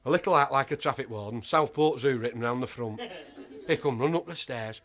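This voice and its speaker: A man's voice: mid-range voice, a little fast, fairly bright tone. A man telling a comic anecdote to a live audience, rambling, exasperated and swearing freely as he acts out the voices of the other people in it. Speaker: comic storyteller.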